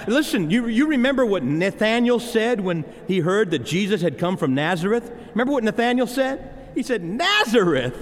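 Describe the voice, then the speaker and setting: A man preaches with a high, lively voice that swoops up and down as he drives his points home. He calls out to the congregation directly and leans hard on his emphasis. His voice rings with a long echo, as if in a large hall. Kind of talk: sermon. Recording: reverberant hall.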